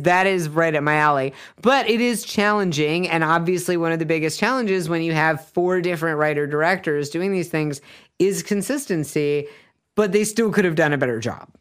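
Smooth-voiced podcaster musing on a film. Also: mid-range voice, fairly bright tone. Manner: hesitant, filler-heavy, enthusiastic. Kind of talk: casual film discussion.

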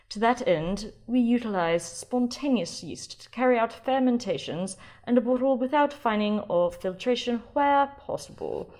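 A woman's voice: a little high, darkish tone, voice pushed up. A woman reading marketing text aloud in a playful, put-on British accent, lilting and theatrical.

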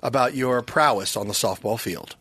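A hoarse man co-hosting a podcast, chatting casually and telling animated stories with frequent laughter. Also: medium pitch, moderate pace, no echo. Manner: animated storyteller, laughs often. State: hoarse, losing his voice. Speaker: podcast co-host. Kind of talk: casual chat.

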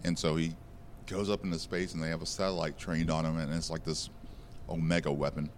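A man's voice: very deep voice, level tone, a little fast, a little hiss or hum. A man co-hosting a podcast, recapping a comic in casual chat with many fillers and restarts. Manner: rambling, filler-heavy recapping. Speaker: podcast co-host.

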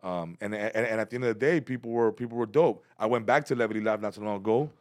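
Animated slangy comedian, low voice. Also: male voice, fast talker, no room sound, clean studio sound. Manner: animated, slangy, acts out quotes with big loud jumps. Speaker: comedian guest. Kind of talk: casual storytelling in a podcast interview.

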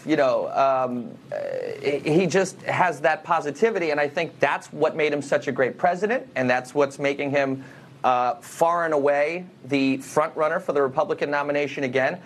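A man's voice: on the high side, animated, moderate pace. Upbeat male comedian talking as a guest. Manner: upbeat, earnest and talkative. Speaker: stand-up comedian and impressionist. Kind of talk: guest interview.

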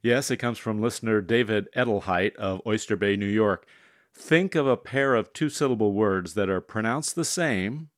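Measured, low-voiced man puzzle master. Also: dry recording, studio quality. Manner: measured, spelling words out letter by letter. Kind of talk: presenting a word puzzle.

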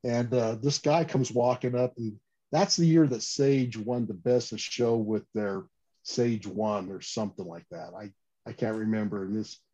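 A man telling stories about fishing rods in a casual interview, animated and full of restarts and "you know". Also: on the low side, moderate pace. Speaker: fishing gear company guest. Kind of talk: casual podcast interview storytelling. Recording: slightly dull lo-fi audio.

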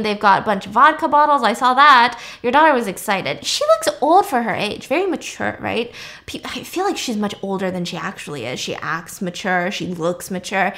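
A woman's voice: medium pitch, sing-song, normal speed, vocal fry, a bit bright. A woman voicing a cold, mocking young woman who taunts with heavy sarcasm.

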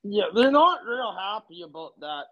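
A man's voice: high voice, big pitch swings, normal speed, muffled recording. A man telling a work story in casual chat, laid-back, swearing freely. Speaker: podcast guest.

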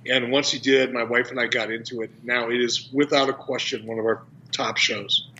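A man speaking as a guest on a dull, lo-fi phone line, his voice at an ordinary middle pitch. He talks in a measured, businesslike way, with a faint hiss behind him. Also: level tone, pushed and bright. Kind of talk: casual interview.

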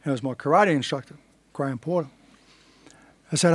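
A man's voice: a little high, brisk, pauses often, slightly rough, dry recording. A man in his forties, a fighter being interviewed, telling his life story in a blunt, earnest way and swearing casually. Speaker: guest, fighter.

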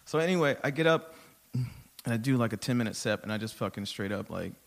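A man who does stand-up comedy, telling profane stories in a casual podcast chat with big swings in loudness. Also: mid-range voice, fast, creaky. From Texas. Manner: profane storytelling, animated swings in volume.

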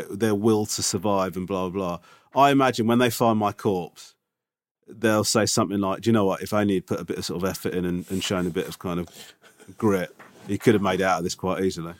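A man's voice: lowish voice, no room sound. A man co-hosting a podcast in casual chat, dry and self-deprecating. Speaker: podcast co-host.

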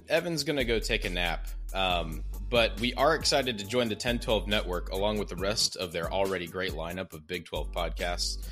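Guy with a really deep but bright voice introing his podcast, faint guitar behind. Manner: casual, plain-spoken. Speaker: podcast co-host. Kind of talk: show intro promo. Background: faint guitar music.

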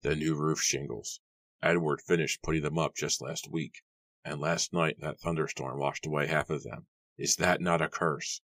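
A crotchety old grandfather growls and barks in a harsh, raspy rasp, voiced by a male narrator. The voice sits extremely low and close, with a dry, deadened sound. He grumbles as if every word were an old complaint. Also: fairly even intonation, normal speed, a bit bright, no room sound, exaggerated voice. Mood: grumbling. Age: over 60. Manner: barking, bellowing complaints.

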